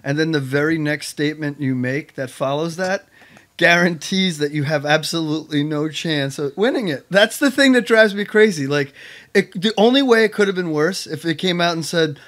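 A man's voice: on the high side, lively intonation, moderate pace, fairly bright tone. A man co-hosting a casual talk show, giving blunt, heated opinions in a rant. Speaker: co-host. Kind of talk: casual chat.

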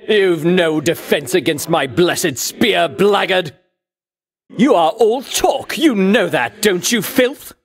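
Pompous boastful hero champion. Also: male voice, high-pitched, fairly bright tone, exaggerated voice. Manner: grandiose, theatrical taunting. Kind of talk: video game voice acting.

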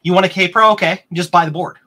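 Chatty, excitable man with a bright voice. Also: fast. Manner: rambling, chatty, reads viewer comments aloud; excitable, bursts into higher pitch. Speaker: host of a vintage computer stream. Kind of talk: casual live-stream chat.

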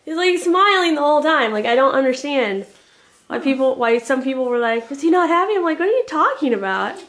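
A young Oklahoma woman, a family vlogger, talks casually to the camera inside her family home, telling stories packed with fillers. Her voice sits high with big pitch swings, moves fairly quickly, and sounds a bit bright. She has a cold and a hacking cough.

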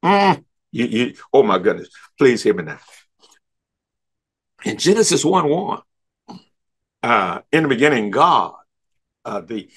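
Emphatic, husky-voiced man teaching Bible study. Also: medium pitch, fairly bright tone. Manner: emphatic, repeats words and stumbles on restarts; stretches key words slowly for emphasis. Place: church.

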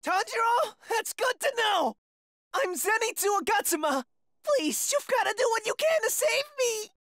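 A woman's voice: extremely high pitch, animated, moderate pace, fairly bright tone, no echo, clean studio sound. A woman voicing a cowardly, whiny teenage boy swordsman who shrieks in melodramatic panic, in an anime fan dub. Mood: panicked.

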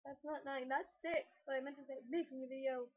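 A teenage girl chatting casually and rambling excitedly in a home vlog, giggling often. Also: sits high, fast talker. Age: late teens. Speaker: vlogger. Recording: dull lo-fi home video audio.

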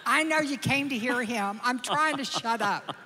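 A woman telling a lively story from the stage at a church conference, acting out the voices of the people in it. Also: on the high side, moderate pace, slight background noise. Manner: animated, acts out quoted voices. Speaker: conference speaker. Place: large church auditorium. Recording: reverberant hall sound.

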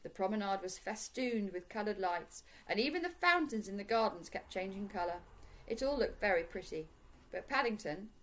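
A woman teacher reads a bedtime storybook aloud in a clear, gentle storytelling manner. Her voice sits at a middle pitch and moves at an even, unhurried pace. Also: low-quality recording.

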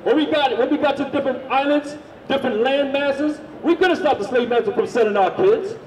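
A man street preaching, loudly firing questions at the crowd and drilling his points home. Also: very high-pitched, brisk, a little hiss or hum. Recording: echoey, from far off.

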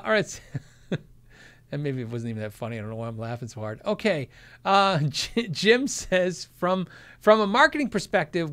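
A man with a fairly high, very lively voice, hosting a casual livestream Q&A. His pitch swings widely as he answers viewer questions. He laughs easily and slips into quick impressions of the people he quotes. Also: smooth. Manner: animated, laughs often, acts out quoted people.

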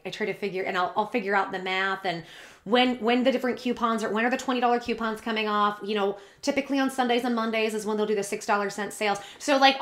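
A woman's voice: medium pitch, fairly bright tone. A woman YouTuber talking to her viewers in an emotional confessional vlog, earnest and rambling, close to tears.

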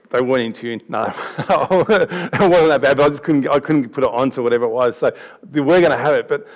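A man giving a youth sermon, chatty, laughing and restarting as he tells stories. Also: on the high side. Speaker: youth pastor. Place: church hall.

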